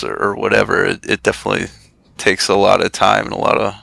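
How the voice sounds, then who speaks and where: A man speaking as a podcast guest in casual chat, relaxed and self-deprecating, with lots of fillers and restarts. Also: lowish voice, fast talker, vocal fry, no room sound, poor audio. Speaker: guest, retro game YouTuber.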